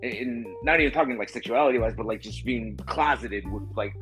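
A man's voice: mid-range voice, a little fast, fairly bright tone, soft background music, low-quality recording. Laid-back male podcast guest. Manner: laid-back, laughs often. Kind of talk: casual chat.

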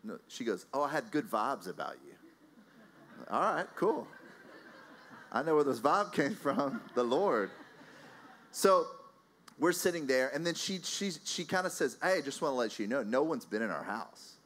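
A man preaching in a conversational storytelling style, his pitch swinging widely as he recounts events. He talks loosely, with many fillers and self-corrections, like a pastor chatting from the pulpit. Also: a little slow, pauses often, slight background noise. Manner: animated, anecdotal, many fillers and restarts. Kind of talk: sermon storytelling.

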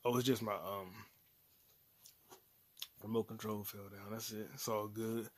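A man's voice: on the low side, flat delivery, measured pace, dry recording. A man in his late twenties hosting his own podcast alone, rambling casually in a loose, profane, slang-heavy way. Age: 20s. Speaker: podcast host. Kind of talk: casual solo podcast rant.

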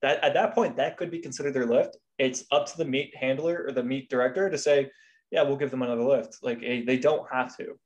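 A man's voice: mid-range voice, brisk, hardly any pauses, dull audio. A man co-hosting a casual podcast, talking in an easygoing way and telling stories from experience. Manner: easygoing, storytelling. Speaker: podcast co-host.

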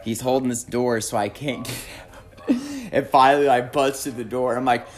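A woman's voice: extremely low pitch, fairly even intonation, moderate pace, music in the background. A woman in casual chat, telling funny family stories with lots of fillers and laughter. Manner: laughing storyteller, many fillers.

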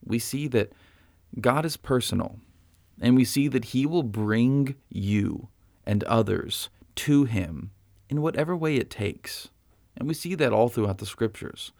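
A man's voice: medium pitch, expressive, a little slow, creaky, darkish tone, no room sound, studio quality. A man preaching a sermon as a pastor, in a conversational way that keeps checking in with listeners. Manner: conversational preaching, frequent "right?".

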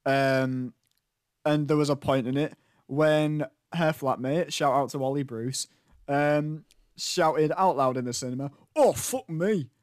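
A man's voice: medium pitch, level tone, a little slow, smooth, dry recording. Easygoing man, dry close sound. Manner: easygoing, chuckles between remarks. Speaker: podcast co-host. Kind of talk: casual film chat.

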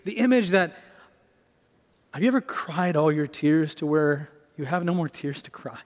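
A man preaching a sermon as pastor, swinging between raised, emphatic lines and soft, hushed ones. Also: high-pitched, normal speed. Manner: expressive preaching, rising for emphasis and dropping to near hush. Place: church sanctuary. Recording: reverberant hall.

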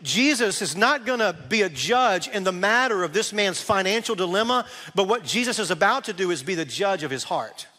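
A man preaching a sermon as a pastor, conversational and animated, with asides to the congregation. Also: high-pitched, normal speed, in a large hall.

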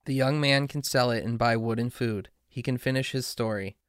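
A man voicing a kind, grave statue of a prince in a storybook reading, calm and pleading. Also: medium pitch, moderate pace, clear, resonant tone, no room sound, studio quality, close to an everyday voice. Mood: tender.

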